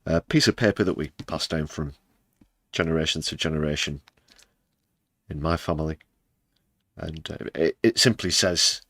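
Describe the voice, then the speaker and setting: A man's voice: very deep voice, normal speed, long pauses, fairly bright tone, no room sound. A British man hosting a live news stream, dry and sarcastic, sometimes putting on mock emotion. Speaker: livestream news host. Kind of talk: casual live news commentary.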